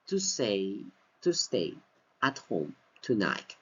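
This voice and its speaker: Slow non-native guy drilling english word stress, super lively pitch, kinda muffled recording. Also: breathy edge. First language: Spanish. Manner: exaggerated word stress, repeats words slowly. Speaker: English pronunciation teacher. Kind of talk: slow deliberate pronunciation lesson. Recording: slightly dull lo-fi recording.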